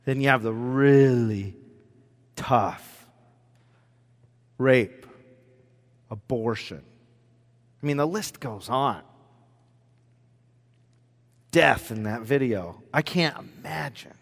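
A male pastor delivering a sermon through personal stories, swinging between loud, animated moments and hushed ones. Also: medium pitch, takes it slowly, long pauses. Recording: long hall reverb.

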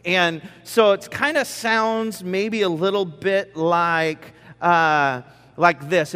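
A man's voice: high voice, slow, a bit bright, clear, resonant tone, big-room sound. A man telling humorous stories to students in a conversational, self-deprecating way, with joking asides. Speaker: speaker addressing students. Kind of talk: humorous storytelling talk.

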